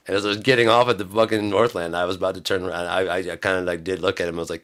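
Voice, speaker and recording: Deep-voiced man telling a story. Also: fast. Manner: animated, laughs often, acts out both sides of a conversation. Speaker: vlogger. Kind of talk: casual storytelling monologue.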